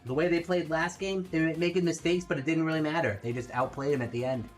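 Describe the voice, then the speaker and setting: A young man co-casting an esports stream, teasing his partners with quick retorts. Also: a little high, steady tone, soft background music. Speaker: esports caster. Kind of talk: casual co-casting banter.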